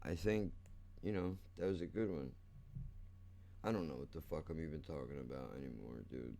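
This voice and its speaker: A man's voice: extremely low pitch, moderate pace, dark tone, slight background noise. A young man hosting a casual solo podcast, rambling and self-mocking, swearing often and calling the listener "dude.". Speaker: podcast host.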